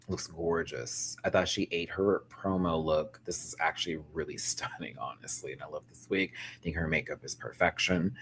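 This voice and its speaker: A man's voice: mid-range voice, fairly bright tone. A man giving casual live-stream commentary, chatty and campy, greeting viewers in chat and laughing often.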